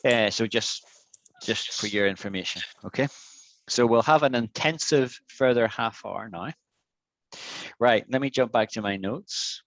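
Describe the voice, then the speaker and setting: A man teaching English online, patient and methodical, repeating examples to make a point. His voice sits at an ordinary middle pitch. The sound is close and dry. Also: measured pace, a bit bright, dry recording, rough recording.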